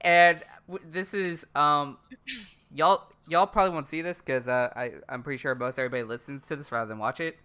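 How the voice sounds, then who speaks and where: A woman co-hosting a podcast in casual recap chat, relaxed, laughing along and quoting scenes. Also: low voice, a little fast, clean tone. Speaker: podcast co-host.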